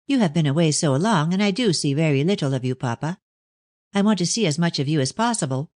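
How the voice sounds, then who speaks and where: A man's voice: fairly high pitch, lively intonation, fast, dry recording, clean studio sound, natural voice. A man putting on an earnest young Victorian daughter. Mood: wistful. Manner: pleading, raised and earnest delivery. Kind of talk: audiobook reading of a novel.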